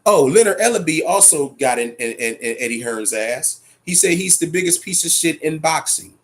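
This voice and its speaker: A man's voice: on the high side, lively intonation, normal speed. A man hosting a boxing talk show, giving profane, emphatic commentary and repeating his points. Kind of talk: casual boxing commentary rant.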